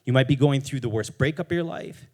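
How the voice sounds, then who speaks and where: A man's voice: medium pitch, quick pace, a little mellow. A young man giving a profane, emphatic motivational talk on stage, firing rhetorical questions at the audience. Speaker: speaker at a live storytelling event.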